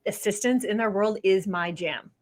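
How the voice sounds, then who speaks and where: A woman's voice: medium pitch, moderate pace. A woman realtor and trainer, a guest on a podcast, telling stories in an upbeat, casual way and acting out the people she quotes. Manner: upbeat storyteller, acts out quoted people, laughs often. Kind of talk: casual interview talk.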